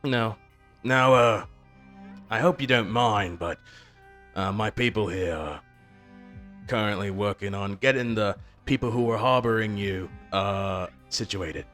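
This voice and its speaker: Guy doing a smug armed agent, fake-friendly and taunting, low voice, bit of music underneath. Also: measured pace, a bit bright. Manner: mocking, falsely friendly, with casual fillers. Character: tall armed male agent captor, smugly taunting.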